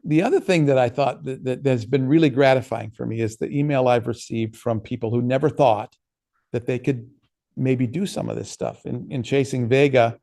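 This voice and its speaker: A man's voice: medium pitch, moderate pace, creaky, dark tone. A man, an author, giving a casual workshop talk and answering questions, telling stories in a conversational way with frequent restarts.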